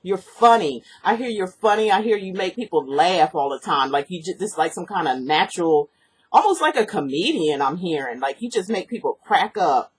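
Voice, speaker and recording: Husky-voiced woman giving a rambling tarot reading. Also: on the low side, big pitch swings, moderate pace. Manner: rambling, earnest, repeats herself, lots of fillers. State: sniffly from allergies. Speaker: tarot reader. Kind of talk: personal tarot reading to camera.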